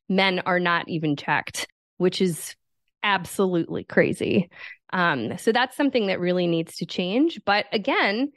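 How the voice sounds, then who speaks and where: Here is a woman author giving an interview, assertive and well informed, dropping in a casual curse now and then. Her voice is at a middle pitch and is recorded dry and close, with no room sound. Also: no echo. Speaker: author and podcast guest. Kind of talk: conversational interview.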